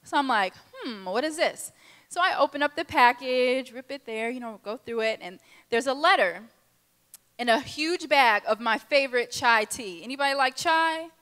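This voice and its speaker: A young woman speaking at a girls' conference, telling a lively personal story and acting out the people in it. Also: high-pitched, moderate pace, clear, resonant tone. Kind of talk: testimony talk to a youth audience. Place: large conference hall. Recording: reverberant hall.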